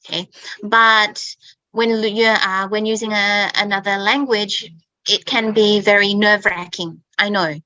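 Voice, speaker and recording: An Australian-raised woman hosts a casual online English chat as a teacher, speaking emphatically, repeating herself and often checking in with "okay?". Her voice is medium-pitched, steady, a little slow, bright and forceful, with no echo on a low-quality recording.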